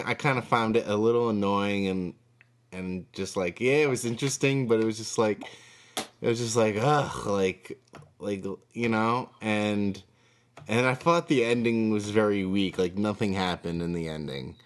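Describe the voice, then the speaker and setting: Hesitant low-voiced male co-host. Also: smooth. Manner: hesitant, full of fillers and restarts. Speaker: podcast co-host. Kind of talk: casual TV review chat.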